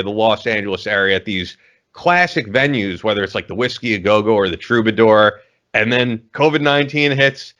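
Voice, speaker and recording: A man's voice: mid-range voice, a bit bright, muffled recording. A man hosting a podcast, introducing a guest with enthusiasm and a lot of "like". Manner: enthusiastic, hedging with "like". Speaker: podcast host. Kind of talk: casual chat.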